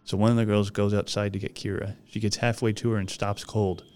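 A man's voice: fairly low pitch, little pitch movement, brisk, a little mellow, clean tone. A man hosting a podcast, reading a horror story aloud in a casual way and swearing freely as he goes. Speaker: podcast host.

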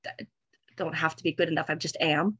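A woman's voice: sits low, little pitch movement, a little fast, a bit bright, husky, lo-fi sound. A young woman who coaches jiu-jitsu, talking candidly and rambling in a casual podcast chat, full of fillers and acted-out quotes.

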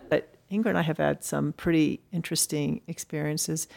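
A woman's voice: on the low side, a little fast, gravelly. A middle-aged woman artist, a guest in an interview, talking in a reflective and casual way.

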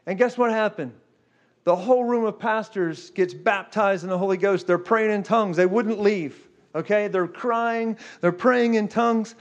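Male preacher with a high voice, animated and fast in the story parts of a sermon. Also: muffled recording. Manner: animated, fast storytelling with repeated "okay?" and "guess what".

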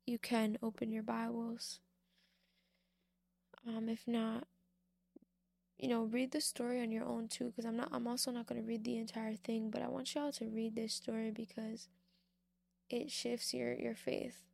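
Gravelly, slow-speaking young woman. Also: fairly high pitch, level tone, a little mellow, dry recording. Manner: informal, emphatic repetition. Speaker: faith speaker. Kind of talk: Bible reading and devotional talk.

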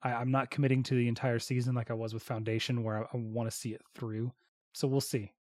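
A man's voice: mid-range voice, level tone, fast, a little mellow, no room sound. Hesitant male podcaster, dry close sound. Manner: hesitant, repeats words, dry humor. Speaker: podcast co-host. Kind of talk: casual podcast chat.

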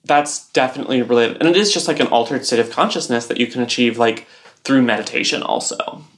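A young woman co-hosts a relaxed podcast, explaining at length. Her talk rambles, thick with "like" and "um" as she works through her points. It is an easy, conversational chat. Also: rumbling low, quick pace. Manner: rambling explainer, heavy use of "like" and "um". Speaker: podcast co-host.

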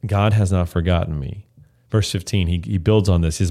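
A man giving a devotional Bible teaching in an earnest, reflective way, slowing down when he reads scripture aloud. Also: low-pitched, steady tone, warm tone.

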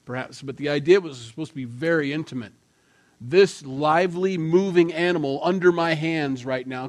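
A middle-aged man, a pastor, giving a conversational sermon and telling family stories along the way. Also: medium pitch. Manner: conversational, storytelling with family anecdotes.

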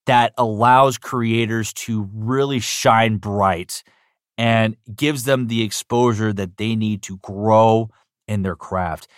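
A male voice actor telling stories in a casual interview. He is excitable and gushing, swears freely and repeats words as he starts sentences. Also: mid-range voice, smooth, no room sound, studio quality.

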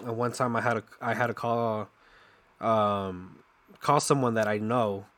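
A man in a casual conversation who laughs often and talks quickly and playfully. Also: fairly low pitch, steady tone, a bit bright. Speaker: streamer. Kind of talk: casual chat.

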